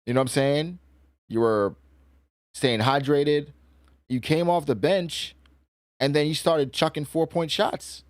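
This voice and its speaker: A man's voice: fairly high pitch, fairly even intonation, unhurried, long pauses, no echo, clean studio sound. A man streaming a casual reaction, reading chat aloud and ranting in slangy, exasperated bursts.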